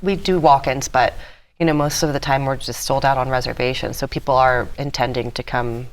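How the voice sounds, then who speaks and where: A woman being interviewed as a bar co-owner, answering in an earnest, explanatory way with filler pauses. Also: a bass voice, steady tone.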